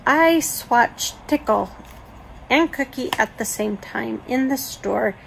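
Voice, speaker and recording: Woman beauty vlogger, slightly high voice with a gravelly edge, unhurried chatty delivery, faint room noise. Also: animated, a bit bright, poor audio. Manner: chatty, gushing over products. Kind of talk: casual makeup collection walkthrough.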